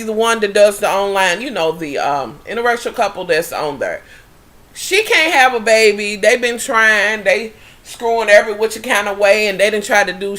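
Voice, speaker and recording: A woman vlogger recapping a TV episode in a casual chat, animated and profane, with dramatic exclamations. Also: medium pitch.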